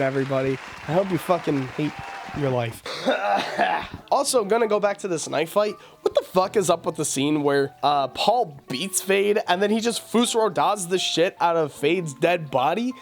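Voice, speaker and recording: A man's voice: high voice, lively intonation, moderate pace, a faint crowd. A man hosting a podcast in a casual film review rant, profane, exasperated and mocking. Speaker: podcast host.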